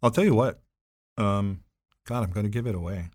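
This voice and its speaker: Hawaiian guest in his fifties, lowish voice, animated storyteller who slips into voices. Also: brisk, dry recording, clean studio sound. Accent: Hawaiian Pidgin-tinged. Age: 50s. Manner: animated, acts out voices in stories. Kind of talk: casual storytelling.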